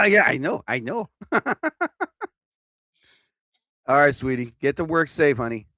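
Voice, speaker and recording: A man's voice: mid-range voice, expressive, slow pace, sharp tone, dry recording, studio quality. A middle-aged man hosting a casual live stream, rambling, cursing and laughing at his own jokes.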